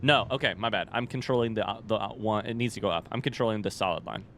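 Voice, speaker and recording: A man's voice: on the low side, fast talker, a bit bright, a little hiss or hum. A man giving casual, unscripted commentary on a horror video game he is playing for the first time, rambling, jokey and swearing. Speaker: let's-play gamer.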